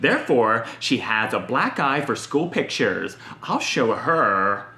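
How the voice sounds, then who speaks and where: A man voicing a scheming teenage girl who dictates her fight plan into a diary, slow and spiteful. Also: medium pitch, sing-song, pushed and bright, reverberant, voice pushed down, exaggerated voice.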